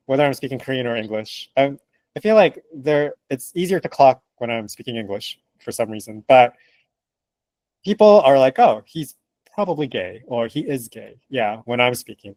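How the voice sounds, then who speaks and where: A man of middle pitch answers interview questions as a translator. He talks with lively emphasis, laughs easily and acts out the remarks of others. The sound is dry and close, with no room echo. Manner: animated and emphatic, laughing, acting out quoted remarks. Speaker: translator, guest.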